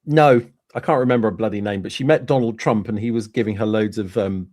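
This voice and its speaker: A man from England hosting a podcast, telling relaxed anecdotes in casual chat. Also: fairly low pitch, fast talker. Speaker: podcast host.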